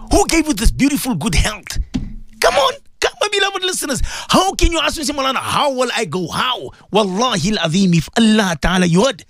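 A man presenting a religious radio show, speaking fervently and pleading, often repeating himself. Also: sits high. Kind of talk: emotional religious radio talk.

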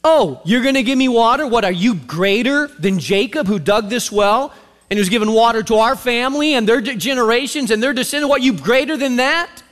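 A man's voice: very high-pitched, very animated, a little slow, long pauses, pushed and bright, heavily acted. A male preacher voicing a sassy, guarded Samaritan woman with a sarcastic, mocking tone during a sermon, in a large reverberant hall. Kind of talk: sermon retelling.

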